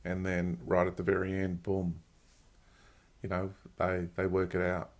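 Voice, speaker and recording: Calm male host explaining ideas. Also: sits low, a little slow. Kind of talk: spiritual talk conversation.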